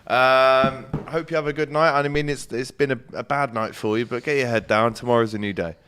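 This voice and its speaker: A man's voice: medium pitch, steady tone, brisk, fairly bright tone. A man hosting a live show, chatting casually in a teasing, jokey way. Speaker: show host. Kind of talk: casual live-stream chat.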